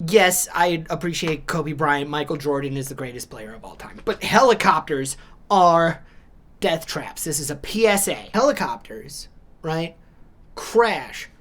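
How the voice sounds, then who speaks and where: A man's voice: high voice, expressive, unhurried. Wry chatty man telling jokes. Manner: wry, chatty joke-telling with frequent tag questions. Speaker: comedian. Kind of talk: comedic monologue.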